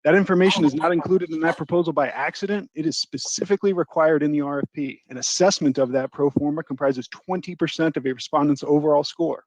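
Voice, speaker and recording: A man's voice: fairly high pitch, quick pace, few pauses, a little mellow, no room sound, low-quality recording. A man giving an assertive, critical public comment at a city council meeting from a prepared statement.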